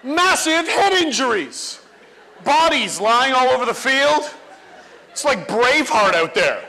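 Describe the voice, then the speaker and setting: A man giving a comic talk on stage, acting out children and teachers in an animated way. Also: extremely high pitch, unhurried, a faint crowd. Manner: animated, acts out kids and teachers. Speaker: speaker.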